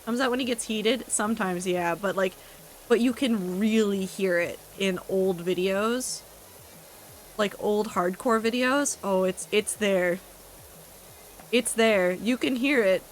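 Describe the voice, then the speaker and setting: A woman streamer in easy casual chat with her viewers, wry and talkative, answering chat questions as they come. Her pitch sits in an ordinary middle range, and a faint hiss of noise lies under her desk mic. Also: unhurried, poor audio. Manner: chatty, wry, reacting to chat with asides and profanity.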